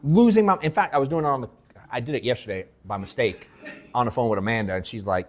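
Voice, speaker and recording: A man leading a live sales workshop, telling animated stories that act out his own reactions, swearing freely and calling the audience bro and dude. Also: medium pitch, quick pace. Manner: animated storytelling, mimics himself, swears, calls people bro and dude. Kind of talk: casual, joking workshop talk.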